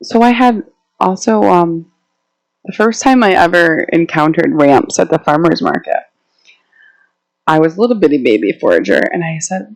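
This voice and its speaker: A woman's voice: fairly low pitch, lively intonation, moderate pace, creaky, poor audio. Chatty woman herbalist giving a talk. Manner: chatty and anecdotal, laughing often. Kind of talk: casual presentation to a live audience. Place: indoor meeting room, walking around while speaking.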